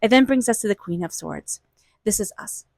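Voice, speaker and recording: A woman talks through a tarot spread in a warm, gushing way, full of "you know" and "like." Her voice sits in an ordinary middle pitch. It is recorded close in a dry room with no echo. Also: expressive, moderate pace, vocal fry. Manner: gushing, lots of "you know" and "like", slips into playful voices for quotes. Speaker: tarot reader. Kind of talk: intuitive tarot reading vlog.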